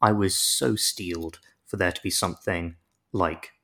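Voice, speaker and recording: A man's voice: sits low, fairly even intonation, a little slow, gravelly, bright, forceful tone. A man co-hosting a film review podcast, chatting casually and rambling into wry comic analogies.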